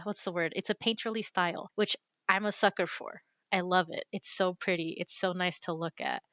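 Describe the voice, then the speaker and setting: In a dry recording, a woman with a medium-pitched, smooth, fairly bright voice reviews a game's character creator on YouTube. Her screen-recorded commentary is casual and enthusiastic, with fillers and self-corrections.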